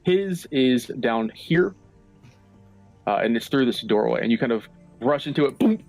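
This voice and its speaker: A game master narrates the scene in a measured, filler-heavy way, now and then dropping a swear. His voice is a middling man's pitch, recorded through a voice-chat mic with faint background music. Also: lively intonation, vocal fry, a little mellow. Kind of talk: narrating a tabletop game over an online call. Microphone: online voice-chat mic.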